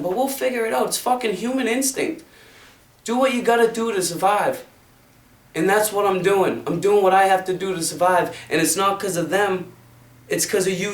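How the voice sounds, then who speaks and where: A young man with a somewhat high voice rants with fervent, preachy conviction, swearing freely as he talks. He sounds set back from the mic, with the sound ringing around a roomy space. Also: a bit bright, distant mic. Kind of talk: impassioned rant to camera.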